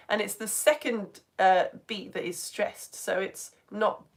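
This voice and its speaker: A woman's voice: medium pitch, fairly even intonation, slow, few pauses. A woman teaching a live online lesson for all ages in a chatty, playful way, tapping out rhythms as she talks.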